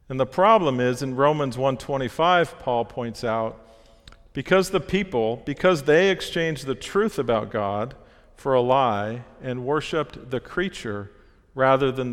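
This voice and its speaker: A man giving a sermon, teaching in an earnest, steady way with small restarts. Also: medium pitch. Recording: long reverb of a hall.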